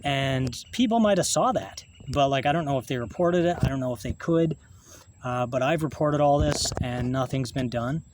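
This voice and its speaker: Man, middle-pitched, halting vlog monologue, restarts and profanity, faint background noise. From Canada. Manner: halting, rambling, with frequent swearing and restarts. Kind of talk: rambling monologue to camera.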